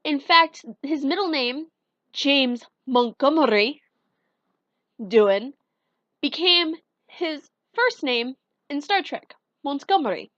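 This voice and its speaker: A young woman vlogging casually, running through a list of facts, chatty and enthusiastic, with fillers and quick self-corrections. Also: high voice, expressive, fairly bright tone, no echo, muffled recording. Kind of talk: casual countdown vlog.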